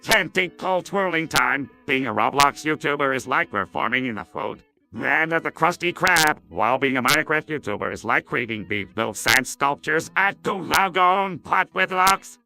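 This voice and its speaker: Synthetic male voice of a sour gravelly octopus. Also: fairly high pitch, expressive, normal speed, bright, forceful tone, faint music behind, full character voice. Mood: irritated. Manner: sour, exasperated delivery. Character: grumpy adult male cartoon octopus.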